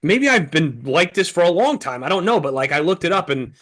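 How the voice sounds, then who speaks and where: A man's voice: a little high, brisk. A man co-hosting a podcast, chatting casually and a bit short of breath, swearing often and acting out what he said. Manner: profane, storytelling, animated quoting. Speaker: podcast co-host. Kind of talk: casual chat.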